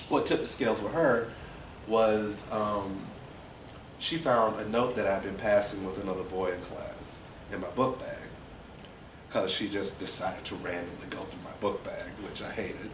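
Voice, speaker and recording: A man's voice: on the low side, measured pace. Candid young man telling a story. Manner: candid, rambling, with fillers. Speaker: interviewee. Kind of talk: personal storytelling. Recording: roomy, distant, noisy ambience.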